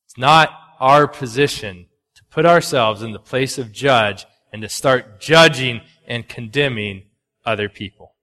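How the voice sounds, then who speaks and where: A man preaching a sermon as pastor, conversational and animated, swinging between loud punchy asides and quiet earnest drops. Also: medium pitch, a little slow, in a large hall. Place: church sanctuary.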